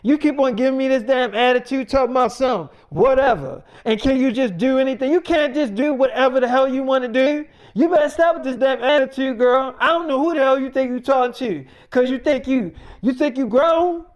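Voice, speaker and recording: A man's voice: very high-pitched, a little fast, few pauses, lo-fi sound. A man voicing a furious strict mother who scolds and swears at her teenage daughter. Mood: scolding.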